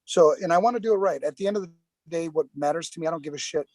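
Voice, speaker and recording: A man co-hosting a casual podcast who talks in a halting way, often repeating himself and filling pauses. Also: a little high, a little mellow, dry recording. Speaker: podcast co-host.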